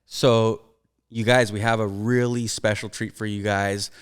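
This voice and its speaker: Young male host, smooth voice, eager chat, reverb trailing off the room. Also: lowish voice, flat delivery, unhurried. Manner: eager, enthusiastic. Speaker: podcast host. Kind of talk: casual podcast chat.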